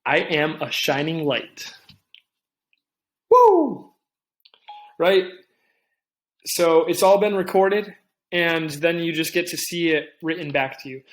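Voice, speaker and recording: A young man hosting a casual tech tutorial, talking things through with asides and quick restarts. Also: on the high side, reverberant. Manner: chatty, thinks aloud with restarts and asides. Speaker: tech tips host. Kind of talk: casual screen-recorded tutorial.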